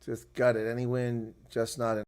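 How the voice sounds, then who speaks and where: A man giving live rugby play-by-play, shouting on big plays and chatting casually with viewers in between. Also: mid-range voice, monotone, normal speed, smooth. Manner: reads viewer chat aloud. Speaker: play-by-play commentator. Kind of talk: live sports commentary.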